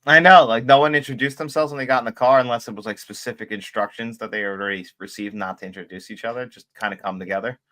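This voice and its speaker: A man's voice: medium pitch, steady tone, quick pace, hardly any pauses, sharp tone. A man co-hosting a podcast, chatting casually about a film and laughing easily. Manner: easygoing, laughs often. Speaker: podcast co-host.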